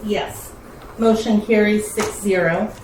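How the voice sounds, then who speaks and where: A woman's voice: medium pitch, steady tone, slow, background noise. Woman chairing a board meeting, picked up from afar, roomy sound. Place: school board meeting room. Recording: echoey room from a distance.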